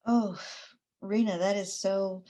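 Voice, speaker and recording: A middle-aged woman poet talking in a reflective conversation, thoughtful, with many pauses and fillers and easy laughter. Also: mid-range voice, steady tone, mellow. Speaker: poet, interview guest.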